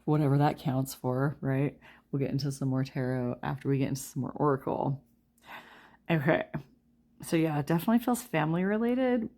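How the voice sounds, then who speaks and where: Chatty woman with a low, gravelly voice. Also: a little fast, mellow. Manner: chatty, laughs often, talks straight to viewers. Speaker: tarot reader. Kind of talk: casual pick-a-card tarot reading.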